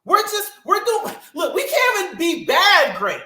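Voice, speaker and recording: A woman's voice: very high voice, wildly swooping pitch, slow, bright, forceful tone. A woman co-hosting a sports podcast, ranting in a heated, emphatic way and cussing freely. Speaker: podcast co-host. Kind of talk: casual sports podcast rant. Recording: echoey room.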